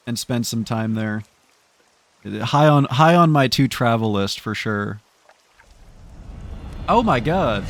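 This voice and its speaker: A young man casually commenting on a game he is playing, chatty and quick to laugh, often stammering through restarts. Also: lowish voice. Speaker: streamer.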